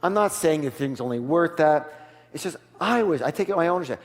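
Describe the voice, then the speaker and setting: A man giving an energetic sales seminar, asking the audience for call-and-response and switching to a soft, quiet voice to act out offers. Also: fairly high pitch, a little fast, vocal fry. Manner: drops to a soft, quiet voice for role-played offers. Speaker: seminar speaker. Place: large hall with a live audience. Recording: long hall reverb.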